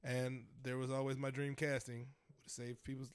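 A man in his thirties co-hosts a podcast, chatting casually with jokes, free swearing and some rambling. His mid-range voice holds a fairly flat pitch at a normal pace, with background noise audible.

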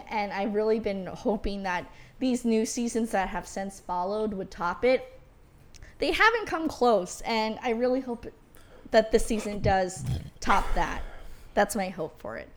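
A woman's voice: mid-range voice, animated, measured pace. A woman co-hosting a podcast in casual chat, talking bluntly and laughing often. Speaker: podcast co-host.

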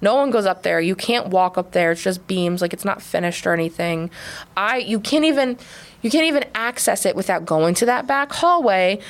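A woman, co-hosting a podcast in casual chat, telling stories with lively quoted voices. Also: mid-range voice, normal speed. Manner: animated storytelling with quoted voices. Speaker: podcast co-host.

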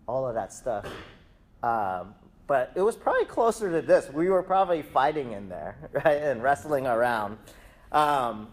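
Animated man teaching Scripture. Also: medium pitch. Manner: animated, laughs at his own asides; thinking aloud with fillers and rhetorical questions. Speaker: preacher. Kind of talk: conversational Bible teaching.

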